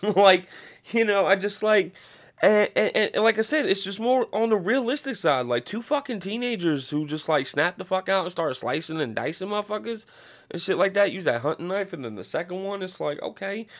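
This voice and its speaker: A man in his thirties hosting a podcast, ranting casually and profanely, rambling with restarts and animated outbursts. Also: high-pitched, fairly quick. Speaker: podcast host.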